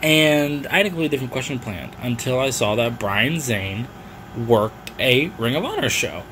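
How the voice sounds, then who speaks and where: A man's voice: medium pitch, animated, normal speed, fairly bright tone, slight background noise, rough recording. A man leaving a friendly, straightforward voice message asking a podcast a question. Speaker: caller. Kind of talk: recorded listener voice message.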